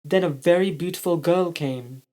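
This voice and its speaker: A storyteller reading a child's story aloud in slow, deliberate narration. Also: medium pitch, a little mellow.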